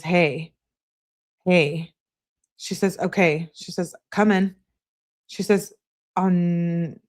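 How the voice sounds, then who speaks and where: A woman on a live stream reading text messages aloud in a steady voice, breaking off to answer her chat. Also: lowish voice. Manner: flat reading, asides to chat.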